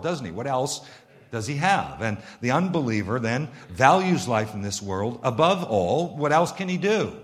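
A man with a Canadian accent preaching a sermon, stressing words through repetition and asking his listeners rhetorical questions. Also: mid-range voice. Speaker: pastor.

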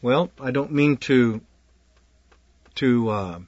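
A pastor speaking to would-be preachers in an earnest, deliberate way, often repeating words as he gathers his thoughts. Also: medium pitch, a little mellow, dry recording. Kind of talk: instructional talk on preaching. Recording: dull lo-fi dry recording.

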